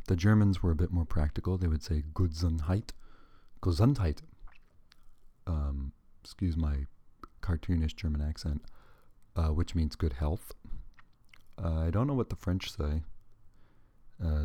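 With an extremely low, warm voice, a man talks casually to the camera in a rambling, digressive monologue. He throws in joking asides and frequently corrects himself, and the recording is dry.

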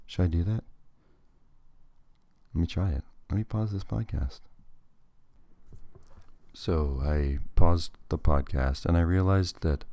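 Very deep-voiced rambling podcast man. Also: slow pace, pauses often, mellow, no echo. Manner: rambling, digressive, self-deprecating. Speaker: podcast host. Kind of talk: casual solo podcast monologue.

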